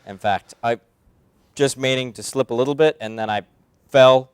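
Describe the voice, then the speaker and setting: Smooth-voiced young man rambling cheerfully. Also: mid-range voice, moderate pace, no echo, clean studio sound. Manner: rambling, laughing, self-mocking. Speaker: actor in a student short. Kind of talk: casual behind-the-scenes chat.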